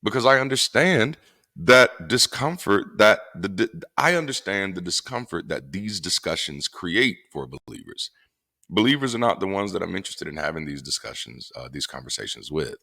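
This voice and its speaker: A former pastor in a casual monologue, speaking bluntly and profanely with animated emphasis. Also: male voice, sits low, moderate pace. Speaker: former pastor turned atheist commentator.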